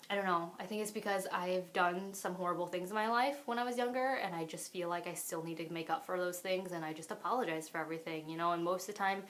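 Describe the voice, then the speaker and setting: A young woman vlogging from home in a low-pitched voice, talking openly and meandering from thought to thought. She fills her sentences with "like" and "I don't know" as she speaks straight into the camera. The delivery is loose, personal and unscripted. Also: fairly bright tone. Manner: rambling, candid, full of "like" and "I don't know". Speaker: vlogger and mother. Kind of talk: candid talk to camera.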